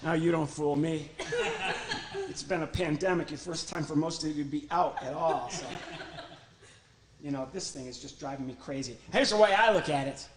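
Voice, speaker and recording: A man's voice: on the high side, normal speed. A ventriloquist comedian from Illinois, a man doing a chatty, joking live act on a church stage and talking to his puppet.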